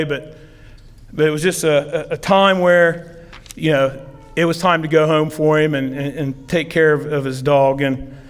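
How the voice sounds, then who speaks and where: Middle-aged coach, heartfelt hall speech. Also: male voice, a little high, clean tone. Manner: rambling, heartfelt storytelling with many fillers. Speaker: football coach, hall of fame inductee. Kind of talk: acceptance speech. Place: ceremony hall. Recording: long hall reverb.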